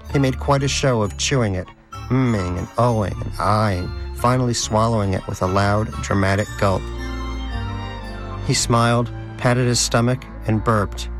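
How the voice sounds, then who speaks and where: Low-voiced man narrating wryly. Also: unhurried, over music. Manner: wry, dry storytelling. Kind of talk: audiobook narration.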